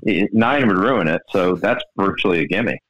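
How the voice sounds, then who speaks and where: A man hosting a golf radio show, telling stories in casual sports chat with a lively, storytelling manner, speaking into a studio microphone. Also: normal speed, low-quality recording. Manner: animated storyteller, lively swings in pitch.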